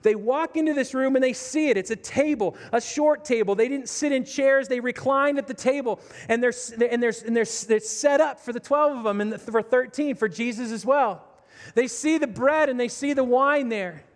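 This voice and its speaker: A man's voice: very high voice, normal speed. A man preaching a sermon, retelling a story vividly and speaking directly to his listeners. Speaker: pastor. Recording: long reverb of a large hall.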